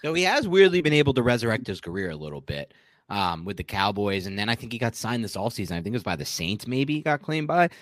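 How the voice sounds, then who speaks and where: A man co-hosting a sports podcast, talking casually in a rambling, animated way and often correcting himself mid-sentence. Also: on the low side, fast, dry recording. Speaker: podcast co-host.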